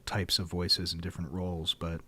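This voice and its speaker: A man's voice: low-pitched, monotone, fairly quick, bright, forceful tone, breathy edge. A man streaming a game, rambling wryly to fill dead air into a studio microphone. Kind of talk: casual livestream chat. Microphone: studio mic.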